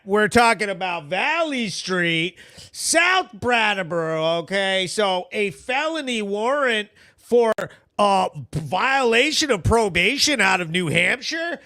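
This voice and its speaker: A man's voice: sits high, big pitch swings, slow, pushed and bright, no room sound, studio quality. Hyped, profane man hosting local news. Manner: hyped, profane, slangy, emphatic. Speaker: local news show host. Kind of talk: loud casual commentary and sponsor reads.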